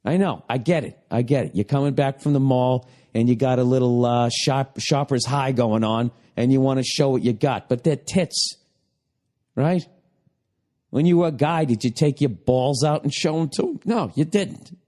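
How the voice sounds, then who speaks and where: A man's voice: medium pitch, moderate pace, warm tone. A middle-aged man hosting a podcast, ranting in a profane, comedic way and slipping into mocking voices. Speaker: podcast host.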